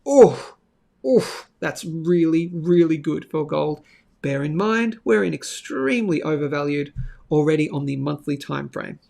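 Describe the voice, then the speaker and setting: A man's voice: fairly high pitch, gravelly, darkish tone. A man hosting a live market show, talking through charts casually, thinking aloud, with sudden bursts and asides.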